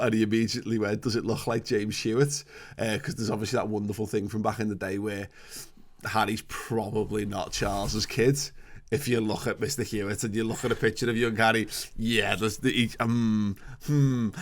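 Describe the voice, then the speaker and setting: A man co-hosting a casual podcast, wry and sarcastic, trailing off with hesitant fillers. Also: mid-range voice. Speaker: podcast co-host.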